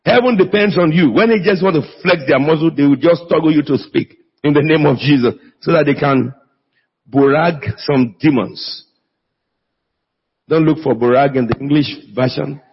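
A man's voice: fairly high pitch, husky. A man preaching a sermon in a church, calling out to the congregation and drawing replies from them. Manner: emphatic, call-and-response with the congregation. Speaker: pastor. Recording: echoey church hall, dull lo-fi sound.

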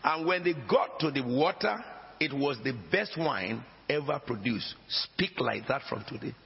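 Slow, lively-pitched preacher in a reverberant hall. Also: male voice, vocal fry. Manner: emphatic, preaching with dramatic rises and drops. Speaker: pastor. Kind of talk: sermon. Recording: dull lo-fi recording with long hall reverb.

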